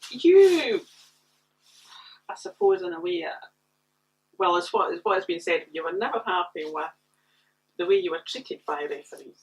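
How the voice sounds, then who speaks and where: Interviewer, husky voice, lively pitch, short prompts. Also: normal speed, long pauses, low-quality recording. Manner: brief backchannel, prompting. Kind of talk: interview questions.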